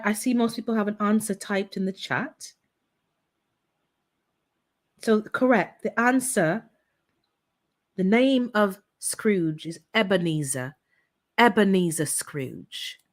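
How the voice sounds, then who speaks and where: A woman hosting a casual live-stream holiday trivia game, chatty and playful, teasing her viewers. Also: on the low side. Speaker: livestream host running holiday trivia.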